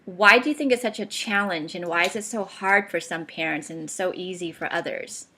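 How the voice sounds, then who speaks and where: A woman's voice: on the low side, normal speed, bright, forceful tone, husky. A woman hosting a parenting radio show, who affirms her guest and asks long, carefully framed questions. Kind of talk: interview hosting.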